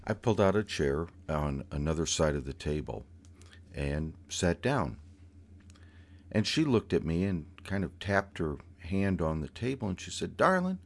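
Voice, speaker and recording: A man telling a personal story in a measured, unhurried way, with pauses and small restarts. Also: extremely low pitch, a little mellow.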